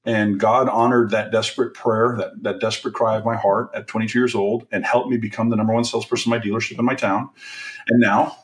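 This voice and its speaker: A man in his forties, a car sales trainer, telling his career story as a podcast guest in a candid, energetic way with many fillers. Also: fairly low pitch, quick pace, far from the mic. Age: 40s.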